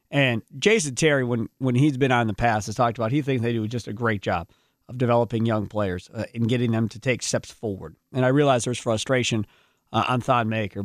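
A man's voice: mid-range voice, no echo, studio quality. A man hosting a sports radio show, talking casually and rambling with restarts.

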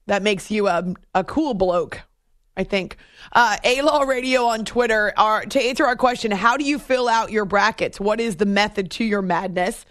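A woman's voice: medium pitch, normal speed, a bit bright, no room sound. Chatty female sports radio host. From New Hampshire, USA. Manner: chatty, laughs often, reads listener messages. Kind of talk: casual late-night radio chat. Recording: dry studio mic.

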